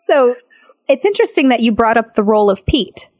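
A woman's voice: a little high, big pitch swings, fairly quick, a little mellow, no echo. A woman co-hosting a podcast, chatty and explaining at length, laughing easily. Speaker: podcast co-host. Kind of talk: casual chat.

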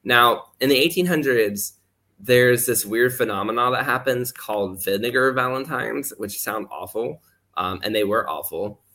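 A man's voice: medium pitch, moderate pace, pushed and bright. A man chatting as a podcast guest, rambling with lots of "like" fillers and acting out quoted voices as he explains. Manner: rambling, heavy use of "like" fillers. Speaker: guest speaker. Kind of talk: casual podcast chat.

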